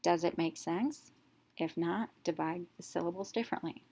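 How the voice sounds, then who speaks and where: A woman teacher with a voice a touch lower than most, narrating an instructional lesson. She talks step by step, pausing to let each point settle, in a plain, careful classroom delivery. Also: creaky, darkish tone, husky. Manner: slow, step-by-step explaining.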